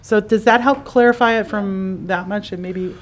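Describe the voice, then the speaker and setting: A chatty woman hosting in front of a live audience, her voice sitting at a middle pitch. She explains things in a loose, conversational way, and she voices imagined thoughts with sudden, lively jumps in pitch. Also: moderate pace, noisy background. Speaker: podcast host and psychic teacher. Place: conference room with a live audience.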